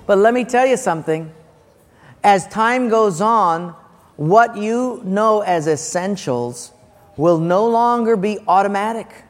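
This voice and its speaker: A male pastor delivers a sermon, his voice sitting unusually high. He tells his stories with lively, acted-out voices and sudden loud bursts. The sound rings with the long reverb of a big sanctuary. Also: takes it slowly. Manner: animated storytelling, acts out characters with loud outbursts.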